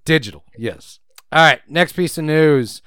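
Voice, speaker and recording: Podcast co-host, male, jokey and giggly; smooth, animated delivery, dry close mic. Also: a little high, measured pace, dry recording. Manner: jokey, laughs often, repeats phrases. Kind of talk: casual podcast chat, reading news items.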